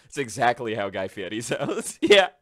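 A man's voice: mid-range voice, very animated, normal speed. A man co-hosting a comedy podcast, chatting casually, teasing and laughing a lot. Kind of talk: casual chat.

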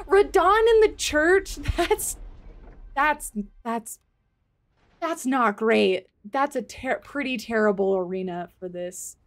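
A woman live-streams a video game, her commentary excitable and panicky, full of laughter and frequent swearing. Her voice sits fairly high, and she talks slowly.

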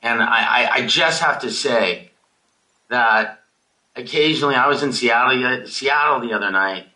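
A film director answering audience questions over a video call, rambling and emotional, swearing casually. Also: male voice, mid-range voice, unhurried, sharp tone, low-quality recording.

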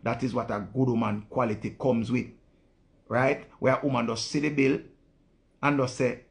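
A man with a rough, gravelly Jamaican voice, holding forth to his stream viewers in a loose, unscripted monologue. He talks bluntly in patois, swears freely and circles back to his points. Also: medium pitch, a little fast, fairly bright tone. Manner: blunt, profane ranting in patois. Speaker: live-stream host.

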